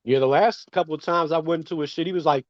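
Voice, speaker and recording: A man's voice: a little high, fast talker, no echo. A man co-hosting, chatting in a laid-back, profane way. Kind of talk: casual chat. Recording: dull lo-fi dry sound.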